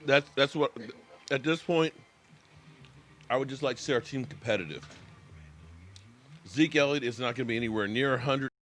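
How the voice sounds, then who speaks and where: A man's voice: mid-range voice, moderate pace, long pauses, a bit bright, slight background noise. An American man hosting a casual live sports reaction stream, chatting with viewers by name and talking while he eats.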